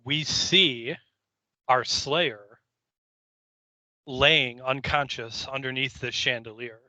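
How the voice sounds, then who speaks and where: A man co-hosting a podcast who speaks slowly and steadily, with dry asides. His tone is very bright and forceful. The recording is dry and close. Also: medium pitch, fairly even intonation, no echo, low-quality recording. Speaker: podcast co-host. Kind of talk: casual recap chat.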